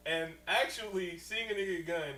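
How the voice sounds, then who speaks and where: A man co-hosting a casual podcast, recapping a movie in slangy, animated talk, laughing often and acting out the characters. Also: sits high, brisk. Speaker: podcast co-host. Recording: echoey room, far from mic, faint hum.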